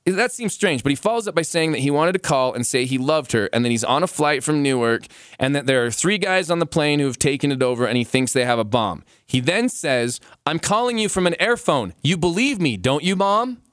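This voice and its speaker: A man co-hosting a casual podcast, talking in an animated, incredulous way with many restarts. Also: medium pitch, brisk, no echo, clean studio sound. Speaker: podcast co-host.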